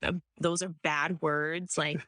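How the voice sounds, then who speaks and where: Chatty woman guest, lower voice. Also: level tone, slow, pushed and bright, no echo, clean studio sound. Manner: chatty, heavy use of 'like' as filler. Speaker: podcast guest. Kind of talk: casual conversation.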